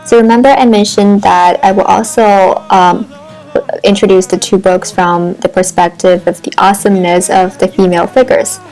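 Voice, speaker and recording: A woman talks through a book review in a reflective, wordy manner, with pauses and restarts between ideas. Her voice sits at an ordinary middle pitch. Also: steady tone, darkish tone, soft background music, poor audio. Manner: thoughtful, wordy, with fillers and restarts.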